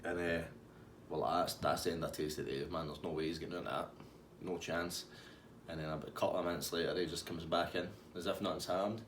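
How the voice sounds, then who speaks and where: A man's voice: low voice, steady tone, fast, echoey room, a little hiss or hum. A man telling a funny anecdote in a casual, colloquial way with swearing. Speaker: storyteller.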